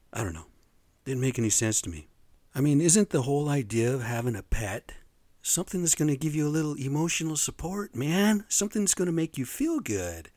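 A man's voice: mid-range voice, darkish tone, no room sound. A man in his fifties telling personal stories casually, rambling and profane, often tacking "man" onto his sentences. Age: 50s. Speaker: storyteller.

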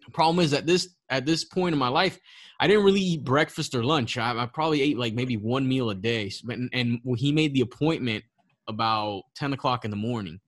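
A man in casual chat, telling a story with lively quoted voices and frequent laughs. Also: mid-range voice, a little fast. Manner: animated storytelling, acts out quotes, laughs often.

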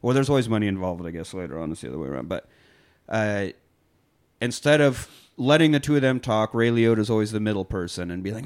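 A man co-hosting a podcast, retelling a film scene with lively, profane energy and acted-out quotes. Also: fairly low pitch, fast talker. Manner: animated storyteller, heavy swearing, acts out quotes. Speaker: podcast co-host. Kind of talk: casual film-review chat.

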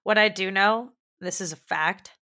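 A woman's voice: medium pitch, normal speed, a crowd in the background. A woman co-hosting a casual film review podcast, talking emphatically, swearing and laughing as she rants. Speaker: podcast co-host.

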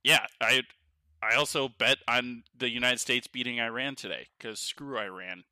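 An excitable man chatting on a podcast, rambling and breaking into laughs. His voice is very bright and edgy. The sound is dry and close. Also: medium pitch, normal speed, clean tone, no echo. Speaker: podcast co-host. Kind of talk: casual chat. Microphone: headphones on, podcast mic.

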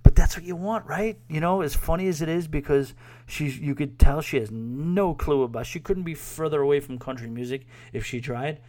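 A man's voice: fairly high pitch, normal speed, darkish tone. A man hosting a podcast, rambling casually through a review with crude asides and self-mocking laughs into a microphone. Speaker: podcast host.

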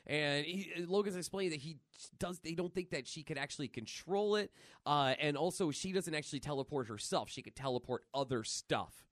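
A man hosting a comic book podcast, animated and playful as he retells a story with sound effects. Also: a little high, fairly quick, no echo, studio quality. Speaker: podcast host.

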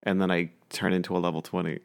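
A player in a tabletop game who tells deadpan jokes and swears. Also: deep voice, quick pace, gravelly.

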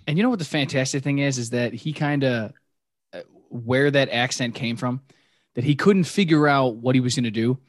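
A man's voice: medium pitch, normal speed, no room sound. A man co-hosting a movie podcast, telling stories with animation and laughing often. His voice sits in a middle register and is recorded close and dry, like a video call. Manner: animated, laughing, acting out quotes. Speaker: podcast co-host. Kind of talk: casual movie podcast chat.

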